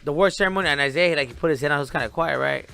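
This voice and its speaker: Profane, bright-voiced storytelling man. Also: on the high side, rapid-fire, vocal fry, soft background music. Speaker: podcast co-host. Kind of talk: casual chat.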